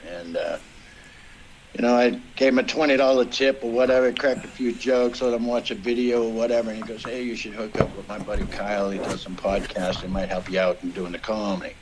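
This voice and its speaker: A man's voice: lowish voice, a little hiss or hum, rough recording. A middle-aged man, a comedian guest from the Boston area, telling rambling, profane stories in casual podcast chat.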